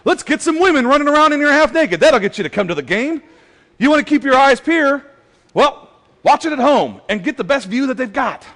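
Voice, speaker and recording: A man's voice: extremely high pitch, lively intonation, fairly quick, fairly bright tone, big-room sound. A man preaching a sermon in a casual, joking style, going off on playful rants. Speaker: pastor. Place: church hall.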